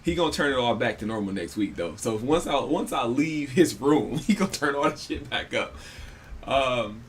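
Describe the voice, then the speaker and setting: A man's voice: medium pitch, animated, normal speed. A man in loose, profane banter, joking around and laughing readily as he talks slang. He shares a single microphone in a friend's room at home, with a light hiss of noise behind him. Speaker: podcast co-host. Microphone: one microphone shared by two.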